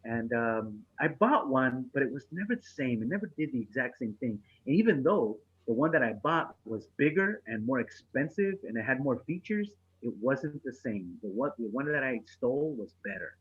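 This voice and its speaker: A man, a comedian, casually telling a profane story on a podcast, getting animated and laughing through the punchline. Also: medium pitch, normal speed, hardly any pauses, slightly rough, lo-fi sound.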